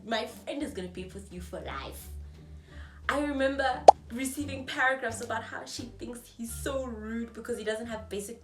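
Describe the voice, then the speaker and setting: Animated young South African woman vlogger. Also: fairly high pitch, roomy sound, far from the mic. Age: 20s. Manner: animated, chatty, acts out dialogue in shifting voices. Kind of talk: storytime vlog.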